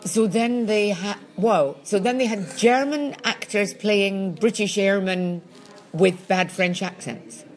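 A man's voice: sits high, takes it slowly. Chatty man hosting a podcast. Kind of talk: casual podcast chat.

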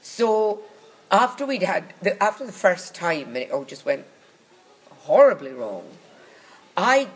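A woman with a slightly low voice tells stories from her past in an easy, anecdotal way. Her humour is wry and bawdy, and she keeps breaking into quick comic impressions of the people she describes. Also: big pitch swings, husky, rough recording. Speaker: guest recounting her acting past. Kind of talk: anecdotal interview chat.

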